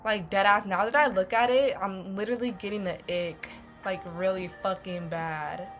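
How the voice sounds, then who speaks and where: A young adult woman telling a casual storytime vlog, blunt and animated, swearing heavily and using a lot of slang. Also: mid-range voice, moderate pace, faint music behind. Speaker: vlogger.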